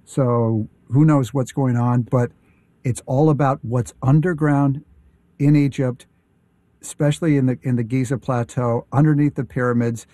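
Dark-voiced man, halting radio chat. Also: medium pitch, steady tone, no room sound. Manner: enthusiastic, halting with many fillers and restarts. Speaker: radio show guest. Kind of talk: casual radio conversation.

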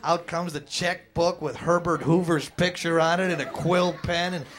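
Brash stand-up comic working the crowd. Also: male voice, fairly high pitch, fairly even intonation, normal speed, fairly bright tone, slight background noise. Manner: quizzing the crowd, brash teasing. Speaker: stand-up comedian. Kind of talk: stand-up routine with crowd work.

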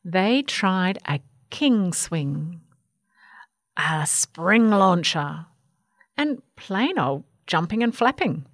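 A woman reading a children's picture book aloud in an expressive, animated way. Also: fairly low pitch, drawn-out words, no room sound, clean studio sound. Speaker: storyteller.

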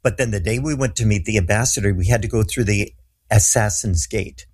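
A man's voice: lowish voice, brisk, darkish tone, slightly rough. A middle-aged man, a guest minister, telling a story earnestly and with animation in a talk show interview.

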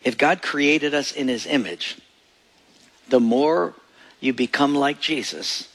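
A man's voice: medium pitch, takes it slowly, pauses often, fairly bright tone. A middle-aged man preaching a sermon as pastor, telling stories and acting out the voices of the people in them. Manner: storytelling, acts out quoted voices.

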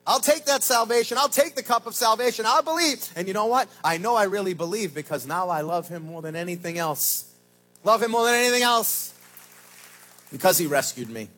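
High, husky-voiced preaching man. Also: animated, brisk, soft background music, rough recording. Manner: swings from loud preaching shouts to low quiet asides. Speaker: pastor. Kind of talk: sermon.

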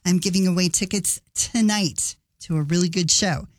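A woman radio DJ talking casually on air, chatty and relaxed as she announces a giveaway. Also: fairly low pitch, moderate pace, no room sound, studio quality. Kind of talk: radio DJ talk. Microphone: studio microphone.

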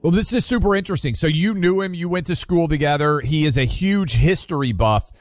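A man hosting a talk radio show, chatting with callers and asking them teasing, animated questions. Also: a little high, a little fast, a little hiss or hum.

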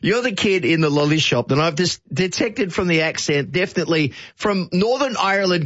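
A man's voice: high voice, expressive, fairly quick, few pauses, a bit bright, no room sound. A man hosting a radio interview in a jokey, upbeat, teasing way. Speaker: radio host. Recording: muffled radio broadcast.

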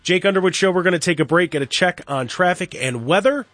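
A man hosting a sports radio show, talking in an animated, opinionated way, with mocking impressions and frequent restarts. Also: sits high, quick pace, no room sound.

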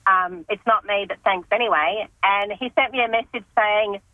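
A woman's voice: medium pitch, moderate pace, dry recording. A middle-aged woman calling in to radio by phone, telling her story in a wry, amused way. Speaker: caller. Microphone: phone line. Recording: phone line.

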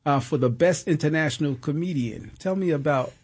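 A man's voice: on the high side, brisk, husky. Easygoing man hosting a radio show. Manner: easygoing, affirming. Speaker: radio host. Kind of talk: radio interview. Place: college radio studio.

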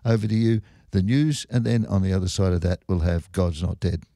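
Male radio host, gravelly voice, dry studio sound, relaxed sign-off chat. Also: low-pitched, a little fast, dry recording. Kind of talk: community radio presenting.

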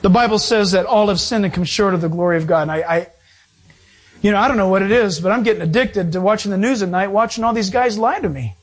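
A man preaching a sermon in a fairly high voice. He swings up and down in pitch as he preaches, leaning into joking asides. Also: fast. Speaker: pastor.

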